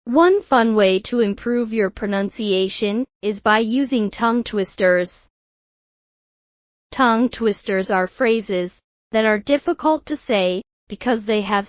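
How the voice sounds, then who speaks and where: Slow, carefully enunciating woman teacher. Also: mid-range voice, no room sound, muffled recording. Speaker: English pronunciation teacher. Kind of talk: scripted lesson.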